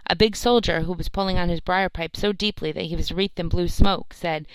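A woman narrating a storybook in a calm, even way. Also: fairly low pitch, brisk, few pauses, clean tone, dry recording, rough recording. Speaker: audiobook narrator. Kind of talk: scripted narration.

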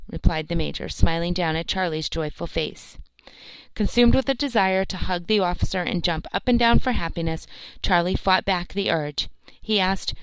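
A woman narrating a storybook in a calm, even way. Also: lowish voice, normal speed, clean tone, dry recording, poor audio. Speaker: audiobook narrator. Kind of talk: scripted narration.

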